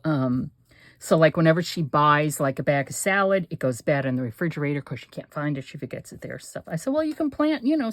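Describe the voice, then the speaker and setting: A woman's voice: sits low, dry recording. An older woman hosting a craft channel, chatting casually and rambling to herself as she works. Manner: chatty, rambling, talks to herself while working. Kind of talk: casual chat while crafting.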